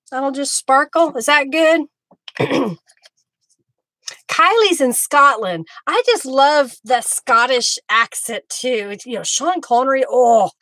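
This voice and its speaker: A woman hosting a live craft stream, chatting warmly with viewers by name as she works. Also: on the high side, no echo. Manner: friendly, talks to viewers by name while working.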